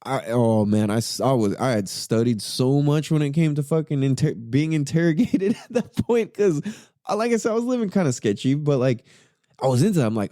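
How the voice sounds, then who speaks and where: Briskly and with plenty of swearing, a man hosting a podcast tells an animated story, his voice leaping higher when he repeats what he was thinking. The sound is clean studio audio with no echo.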